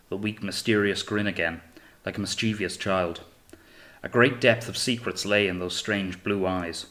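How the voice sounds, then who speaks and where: A man reading an audiobook of a naval novel in a steady, measured way. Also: lowish voice. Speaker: audiobook narrator. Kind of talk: scripted audiobook narration.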